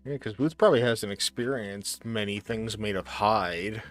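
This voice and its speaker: A man running a tabletop role-play game as game master, speaking in a relaxed, unhurried way. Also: fairly low pitch, soft background music.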